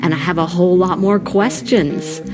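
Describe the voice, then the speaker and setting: A woman's voice: on the low side, steady tone, moderate pace, over music. A woman in a reflective conversation, thinking aloud and searching for her words, checking in with her listener. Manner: thoughtful, searching for words, asks "right?".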